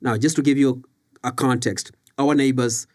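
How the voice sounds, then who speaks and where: Man from Kenya, podcast guest, mid-pitch, earnest storyteller, reflective delivery. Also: steady tone, normal speed. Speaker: guest, leadership coach and author. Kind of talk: conversational storytelling.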